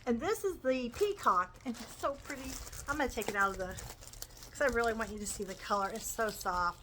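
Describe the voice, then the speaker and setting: A woman's voice: fairly high pitch, expressive, fairly quick, bright, forceful tone, slight background noise, poor audio. A woman chatting enthusiastically as she shows off her crochet purchases. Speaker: crochet vlogger. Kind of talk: casual show-and-tell chat.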